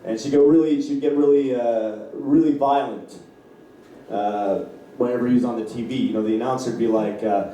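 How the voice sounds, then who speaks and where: On stage at a comedy club, a Canadian man does a loose stand-up set, bantering with the crowd and acting out voices of family members. His mid-range, mellow voice has fairly even intonation and normal speed. It's heard from a distance in an echoey room, with a little hiss or hum.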